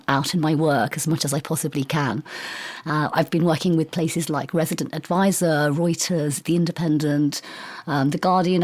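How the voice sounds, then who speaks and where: Casting: woman guest, lowish voice, gushing and chatty, musing tangents. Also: darkish tone. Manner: effusive, chatty, philosophical asides. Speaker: music journalist guest. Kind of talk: casual chat.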